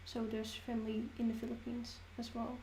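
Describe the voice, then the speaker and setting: A woman in her twenties with a Dutch accent, chatting softly and hesitantly on a livestream. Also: on the high side, monotone, fairly quick, creaky, roomy sound. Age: 20s. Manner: soft-spoken, hesitant. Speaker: guest. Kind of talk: casual livestream chat. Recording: faint background noise.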